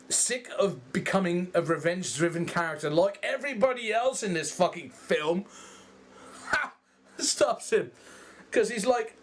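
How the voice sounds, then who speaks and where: A young man with a Dutch accent, rambling through a casual, animated movie review and swearing freely. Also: sits high. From Netherlands. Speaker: vlogger.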